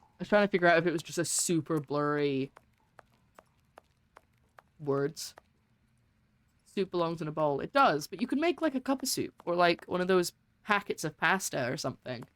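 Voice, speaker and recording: A woman's voice: on the low side, expressive, moderate pace, a bit bright, no room sound. A woman streaming a game, giving casual, giggly, rambling commentary.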